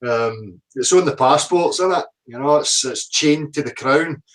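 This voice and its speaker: A man's voice: on the high side, measured pace, low-quality recording. A Scottish man hosting a casual livestream chat from home, greeting viewers by name and swearing now and then. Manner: chatty, reads out viewer names, swears casually. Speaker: livestream host.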